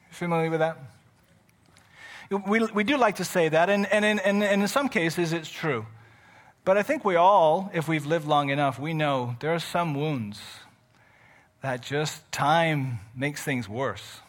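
Male pastor, conversational sermon storyteller, bright sharp tone. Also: fairly high pitch, measured pace. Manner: animated, conversational storytelling with playful asides.

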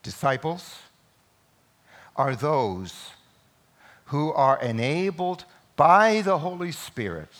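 A man preaching a Sunday sermon in a church, emphatic, with sudden loud peaks. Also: mid-range voice. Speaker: pastor.

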